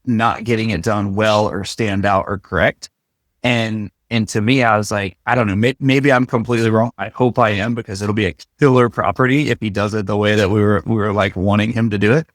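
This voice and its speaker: A man's voice: lowish voice, no room sound, studio quality. A man co-hosting a podcast, joking and telling stories in a loose conversational way. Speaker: podcast co-host.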